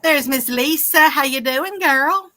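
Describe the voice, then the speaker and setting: A cheerful woman reads out viewer comments on a live fishing stream, greeting each viewer by name. Her voice sits high and comes across bright and crisp. A faint hiss of outdoor noise runs underneath. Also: a little slow. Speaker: co-host reading live chat. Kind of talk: casual livestream chat. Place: outdoors on a boat on a bay.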